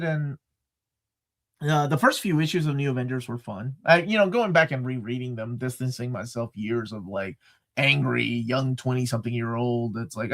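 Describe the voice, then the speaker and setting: A middle-aged man co-hosting a casual live chat, animated and joking, often restarting his sentences. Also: mid-range voice. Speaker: co-host.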